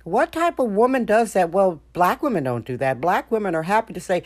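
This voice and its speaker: An opinionated woman hosts her own podcast, talking straight to her listeners. She fires off rhetorical questions and leans hard on her points. Her voice sits at an ordinary middle pitch for a woman. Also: very animated, normal speed, few pauses, darkish tone. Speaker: podcast host. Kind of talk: solo podcast monologue.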